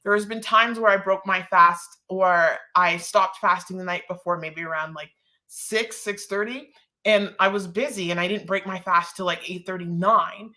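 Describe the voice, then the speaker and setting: A woman's voice: fairly low pitch, fairly even intonation, moderate pace, pushed and bright. A woman from the Caribbean hosting a casual live-stream Q&A, chatty and full of "like" and laughing asides. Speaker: host.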